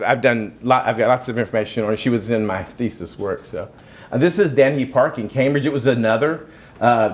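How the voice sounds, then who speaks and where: A man with a Southern US accent talks through slides in a museum lecture room. His delivery is conversational and easygoing, full of small fillers and dry, teasing asides. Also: medium pitch. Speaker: museum talk speaker.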